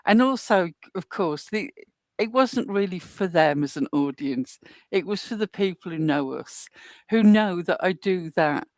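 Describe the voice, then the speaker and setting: A woman's voice: fairly low pitch, animated, measured pace, dry recording. Laughing woman in dry casual chat. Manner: dry, laughing, mock-outraged. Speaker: co-host.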